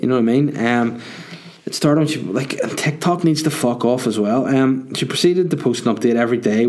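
A young Northern Irish man hosts a podcast in a loose, rambling chat, joking and cursing as he goes. His voice sits at an ordinary middle pitch, and he answers listener questions in a relaxed, offhand way. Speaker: podcast host and comedian.

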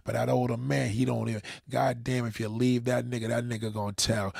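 A man's voice: medium pitch, little pitch movement, fairly quick, vocal fry, few pauses, a little mellow, no room sound, studio quality. A middle-aged man giving crude dating advice to viewers in a profane, preachy rant, swearing constantly. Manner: preachy, crude, peppered with "goddamn", slips into voices of others.

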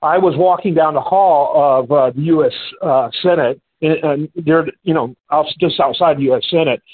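Husky radio host on a thin line. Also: male voice, fairly high pitch, moderate pace. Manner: animated storytelling, talks through fillers. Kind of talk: casual on-air chat. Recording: phone-like radio audio.

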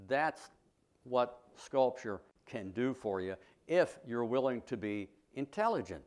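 A middle-aged man, a sculptor, giving a folksy, plainspoken talk to a history club, full of anecdotes and blunt opinions. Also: medium pitch.

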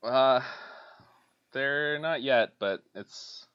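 A man's voice: mid-range voice, extremely slow, fairly bright tone, clear, resonant tone, muffled recording. A man from Alberta, Canada, a podcast guest chatting casually and swearing freely, laughing often over a remote call. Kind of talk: casual chat.

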